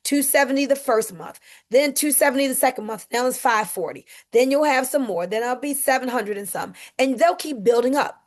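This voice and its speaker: A woman giving an energetic sales presentation, talking straight to her audience. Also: sits high, brisk, hardly any pauses.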